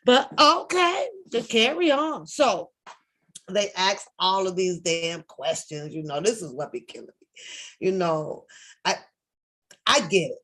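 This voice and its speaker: A woman's voice: mid-range voice, very animated, a little slow, a bit bright. A woman giving casual reaction commentary, talking bluntly with plenty of profanity, rambling, and throwing in sarcastic asides. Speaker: reaction video host.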